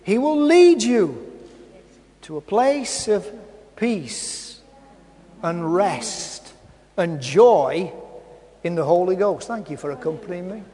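A man with a very high voice preaches at an unhurried, deliberate pace. He keeps repeating his phrases and putting questions to the congregation. The sound rings with the long reverb of a large hall. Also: sing-song, mellow. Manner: repetitive, asks the congregation rhetorical questions. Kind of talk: sermon.

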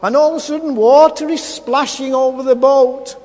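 A man's voice: extremely high pitch, fairly even intonation, normal speed, a little mellow. A man preaching a sermon. He repeats his phrases and asks the congregation rhetorical questions. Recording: long hall reverb.

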